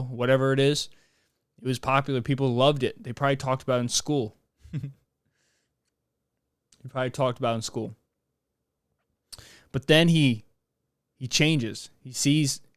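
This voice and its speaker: A man's voice: medium pitch, clean tone, dry recording, clean studio sound. A young man hosting a podcast in a casual, rambling monologue, joking and restarting his sentences. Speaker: podcast host.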